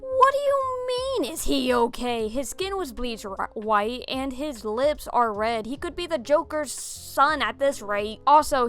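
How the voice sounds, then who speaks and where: Higher-voiced woman narrating horror with sarcastic, animated commentary; faint music bed. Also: clean tone. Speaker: storytelling reviewer. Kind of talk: reading a horror story aloud with comic commentary.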